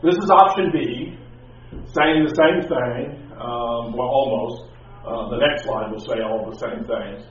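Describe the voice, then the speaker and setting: A man's voice: mid-range voice, unhurried. A man teaching a class, lecturing in an informal, rambling, conversational way. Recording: echoey, distant, tinny classroom recording.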